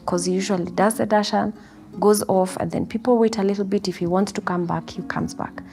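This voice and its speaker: A woman's voice: medium pitch, steady tone, fairly quick, vocal fry, slight background noise. A woman telling a personal spiritual testimony, earnest and storytelling, acting out her own past words. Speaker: devotee sharing testimony. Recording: soft guitar music underneath.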